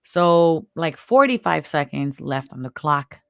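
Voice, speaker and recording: Host of a live tarot stream: gravelly, close and dry, throat worn out, chatty and encouraging. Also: mid-range voice, lively intonation, a little slow, no echo. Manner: chatty, encouraging, spiritual advice. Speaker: tarot reader and show host.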